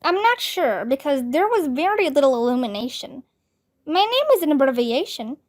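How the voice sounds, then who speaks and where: A woman reading a children's book aloud in a slow, clear and expressive way. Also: sits high. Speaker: storybook reader.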